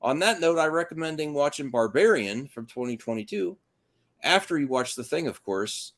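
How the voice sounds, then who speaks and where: A man co-hosting a casual live show, his voice swinging widely in pitch as he reads out listener mail and jokes about it. He talks loosely and playfully, often laughing at his own asides. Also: normal speed. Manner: lively, jokey, reads mail aloud. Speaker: podcast co-host reading listener questions. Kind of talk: casual livestream chat.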